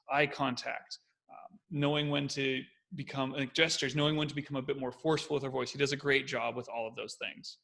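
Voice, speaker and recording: A man co-hosts a relaxed discussion, explaining his points step by step with animated energy. His voice is bright and forceful, pitched in a middle range. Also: creaky. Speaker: co-host. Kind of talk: casual analytical chat.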